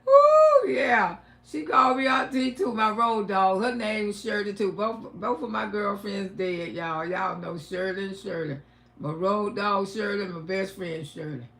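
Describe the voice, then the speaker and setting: A woman hosting a livestream, telling stories loudly and profanely, often laughing. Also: mid-range voice, normal speed, gravelly. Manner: loud, animated, laughing, profane advice to women. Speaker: livestream host. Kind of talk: casual storytelling livestream.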